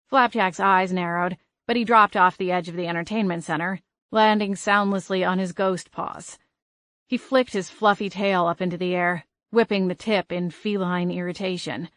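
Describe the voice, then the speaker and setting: A woman narrating an audiobook in an expressive, brisk reading style. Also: on the low side, dry recording.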